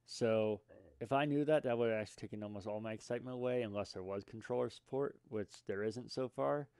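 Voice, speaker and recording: A man's voice: fairly low pitch, fast, a little mellow, clean tone, no room sound, clean studio sound. A young man hosting a casual solo podcast, rambling and self-deprecating with lots of fillers and restarts. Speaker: podcast host.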